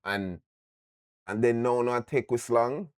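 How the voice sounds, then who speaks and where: A Jamaican man hosting a reaction video, talking in patois, animated and often cutting in. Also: mid-range voice, slow, smooth, dry recording, studio quality. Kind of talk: casual reaction commentary.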